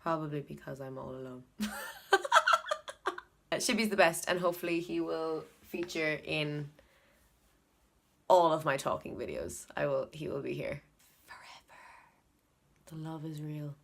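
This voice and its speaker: An Irish woman talks casually to her vlog audience in a low, unhurried voice. She thinks aloud as she goes and repeats words over and over to practise them. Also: vocal fry, a little hiss or hum. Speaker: video blogger learning Korean.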